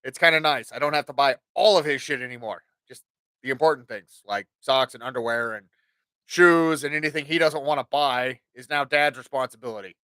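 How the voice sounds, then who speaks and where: A man's voice: mid-range voice, brisk, bright, forceful tone, no room sound, studio quality. A man in his forties hosting a podcast, telling rambling, profane stories and acting out what people said. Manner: profane, rambling, acts out quotes. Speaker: podcast host. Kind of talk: casual storytelling monologue.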